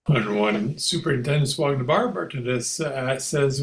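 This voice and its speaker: A man improvising jokes on a video call, halting and filling pauses with "uh". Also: medium pitch. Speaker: improv player. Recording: echoey room on a call.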